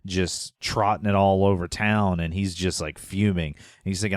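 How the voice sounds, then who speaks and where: A man's voice: low voice, fairly even intonation, moderate pace, hardly any pauses, dry recording, studio quality. A man co-hosting a podcast, casually recapping a movie scene by scene, rambling and trailing off, with a laugh slipping into his lines. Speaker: podcast co-host.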